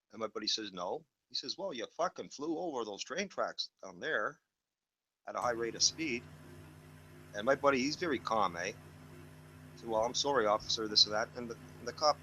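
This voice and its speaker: Swearing, bright-voiced man. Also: medium pitch. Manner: blunt, swears freely. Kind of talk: casual storytelling chat.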